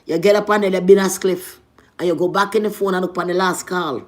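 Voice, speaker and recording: Speaking fast and at a fairly low pitch, a Jamaican woman vlogs casually about a personal experience. She's expressive and outspoken, curses plenty, and her volume keeps shifting between loud and soft.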